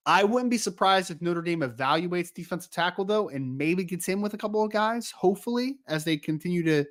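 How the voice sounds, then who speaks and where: A man's voice: high voice, animated, brisk, a bit bright. Rambling young man on a podcast. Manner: rambling, easily sidetracked, joking. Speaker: podcast co-host. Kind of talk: live-stream casual chat.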